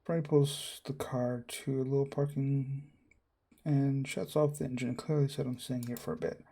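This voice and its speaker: A man's voice: medium pitch, little pitch movement, moderate pace, vocal fry, dark tone, husky. A man reading a visual novel aloud, doing narration and all the characters in his own voice and reacting as he goes. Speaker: game streamer.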